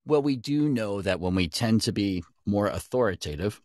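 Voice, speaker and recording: Low-voiced man coaching, dry sound. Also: expressive, moderate pace, a little mellow, dry recording. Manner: explains with many restarts and self-corrections. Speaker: podcast guest, voice coach. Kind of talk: casual chat.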